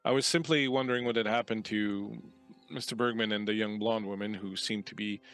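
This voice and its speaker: A man voicing a reserved, tasteful woman who is cold and watchful, speaking slowly and primly. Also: lowish voice, fairly even intonation, a bit bright, faint music behind. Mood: polite.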